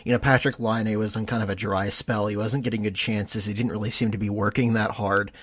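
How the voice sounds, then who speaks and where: A man's voice: fairly low pitch, steady tone, brisk. A man co-hosting a casual sports podcast, earnest and thinking aloud with frequent restarts. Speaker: podcast co-host.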